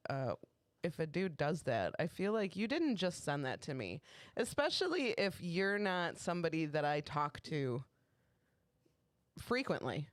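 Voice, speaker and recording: A woman co-hosting a comedy podcast, telling stories in casual chat with animated delivery. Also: deep voice, no echo, clean studio sound. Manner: animated storytelling, frequent laughter. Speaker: podcast co-host.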